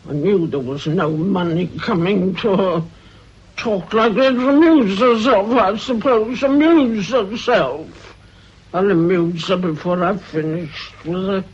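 A spiteful old woman who schemes and mutters threats, slow and husky in her delivery. This is a vintage radio play, its sound dull and lo-fi. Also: medium pitch, a little mellow. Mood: muttering, vengeful. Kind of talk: radio drama acting.

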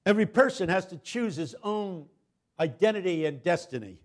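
An older man giving a sermon as a guest preacher, telling a story dramatically, dropping to a hush and then rising loud as he acts out the people in it. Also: high-pitched, lively intonation, normal speed. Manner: dramatic storyteller, swings from hushed to loud, acts out quoted voices.

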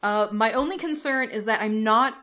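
Gushing, excitable woman co-host. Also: on the high side. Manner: gushing and excitable, quick to laugh. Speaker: podcast co-host. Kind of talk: casual chat reviewing performances.

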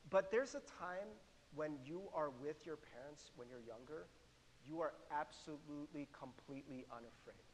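In a sermon, a middle-aged pastor speaks at normal speed in a notably high, lively voice, chatty and animated, often laughing and putting questions to his listeners. A long reverb makes it sound like a large hall, with slight background noise.

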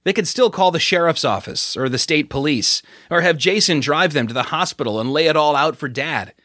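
A man narrating an audiobook in an even, expressive storytelling manner. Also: a little high, a little fast, dry recording, studio quality.

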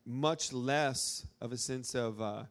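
A man's voice: medium pitch, slow. Chatty man from Arkansas telling stories. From Arkansas, USA. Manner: chatty, rambling storytelling with many fillers. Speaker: speaker at a church gathering. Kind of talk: informal talk to a live audience.

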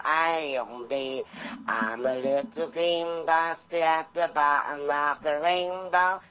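A man voicing a boastful, mischievous male Rastafarian Irish leprechaun in a slow, low, half-sung patter over faint guitar. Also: sharp tone, smooth. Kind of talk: improvised comic song. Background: faint acoustic guitar.

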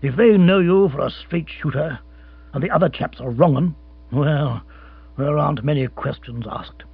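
A man voicing a gruff, morose big-game hunter captain who talks bluntly and deliberately. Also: a little high, full character voice. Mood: grim. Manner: blunt, grim, slow and deliberate. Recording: tinny phone-like sound with mains hum.

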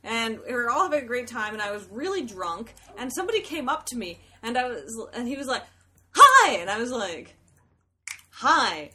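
A young woman with a bright, fairly high voice tells stories with lots of energy, throwing herself into the quoted lines. She co-hosts a relaxed podcast chat among friends. A faint hiss sits under the recording. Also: fast talker, hardly any pauses. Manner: animated storyteller, acts out quotes loudly. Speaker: podcast co-host. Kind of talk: casual group chat.

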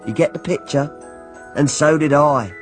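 A man's voice: on the high side, moderate pace, faint music behind, lightly acted. A man narrating as a wry, ironic storyteller. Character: wry grown man recalling his childhood. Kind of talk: radio drama narration.

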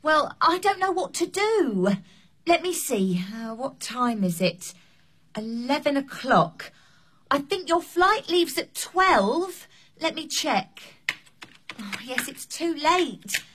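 Brief: a high, animated hotel receptionist, slow and clear. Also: female voice, exaggerated voice. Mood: flustered. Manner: speaks slowly and clearly to be understood. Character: flustered female hotel receptionist. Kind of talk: scripted learning drama.

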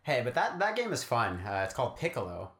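A man's voice: medium pitch, wildly swooping pitch, fast talker, fairly bright tone. A young man co-hosting a podcast, chatting in a laid-back way with dry humor and plenty of fillers. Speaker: podcast co-host. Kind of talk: casual chat. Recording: roomy echo.

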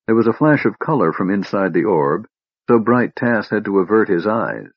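Audiobook narrator: man, low husky voice, steady measured reading, dry dull recording. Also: no echo. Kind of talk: scripted fantasy narration.

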